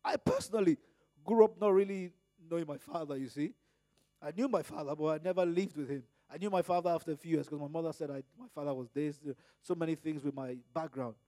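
A Nigerian preacher gives an impassioned sermon, moving between loud emphasis and hushed asides and reading scripture out slowly. His voice is a little high with lively intonation. There's no room sound in the recording.

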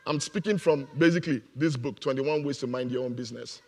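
A man's voice: medium pitch, fast, darkish tone. A man preaching a motivational sermon, emphatic and repeating his key phrases, laughing now and then at his own jokes.

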